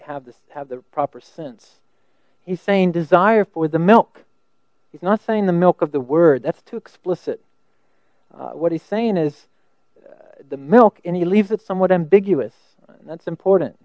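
Thoughtful preacher with a dry close sound. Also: male voice, a little high, mellow, no echo. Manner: thoughtful, halting with restarts, slows to quote verses. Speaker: preacher teaching scripture. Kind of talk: teaching sermon.

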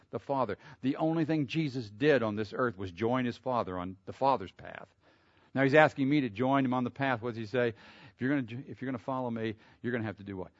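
A man preaching a sermon. He reads scripture aloud, explains it, and builds to loud, emphatic peaks. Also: medium pitch, no room sound. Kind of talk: sermon, expository Bible teaching. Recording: dull lo-fi sound.

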